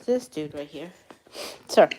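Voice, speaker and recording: A woman's voice: low-pitched, animated, takes it slowly, noisy background. A young woman vlogging as a mother of quadruplets, chatting casually and switching to soothing baby talk. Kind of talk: casual vlog chat.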